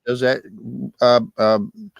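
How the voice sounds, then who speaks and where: A man's voice: mid-range voice, level tone, takes it slowly, clean tone, no room sound. A man co-hosting a casual live-stream interview, asking leading questions and explaining at length. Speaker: co-host interviewer.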